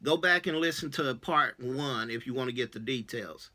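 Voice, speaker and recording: Bright-voiced man telling his testimony. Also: medium pitch, normal speed. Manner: casual, many fillers, acts out quoted dialogue. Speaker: religious elder. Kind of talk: personal testimony storytelling.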